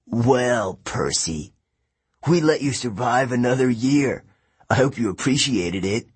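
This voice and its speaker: A man reading an audiobook voices a smooth, mocking young male villain. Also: medium pitch, animated, unhurried, no room sound.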